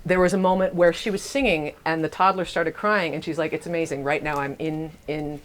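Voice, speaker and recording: A woman's voice: low-pitched, a little fast, background noise. A woman facilitating a songleading workshop, talking animatedly to a group and telling stories. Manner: animated, storytelling, often sings lines to demonstrate.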